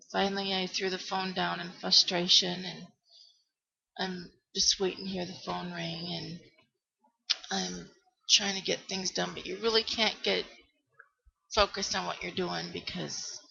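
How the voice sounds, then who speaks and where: A middle-aged woman vlogging to her webcam, retelling a frightening day in a halting way, full of ums and restarts. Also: fairly low pitch, creaky, sharp tone, breathy edge, dull audio. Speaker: vlogger telling a personal story. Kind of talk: emotional personal storytelling to camera.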